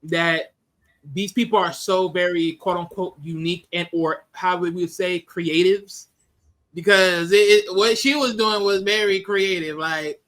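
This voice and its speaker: Male movie reviewer, high and bright, casual and animated. Laughs a lot and slips into voices for the scenes. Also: measured pace.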